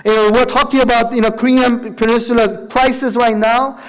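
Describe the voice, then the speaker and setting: A man's voice: very high voice, little pitch movement, a little fast, a bit bright. Man telling a testimony in church. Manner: storytelling, acts out dialogue, laughs often. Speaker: missionary speaker. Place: church sanctuary.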